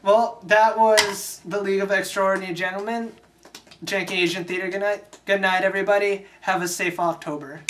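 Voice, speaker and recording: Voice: mid-range voice, fairly even intonation, fairly quick, a bit bright. A young adult channel host casually recapping a movie, rambling and swearing often. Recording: distant mic with faint hiss.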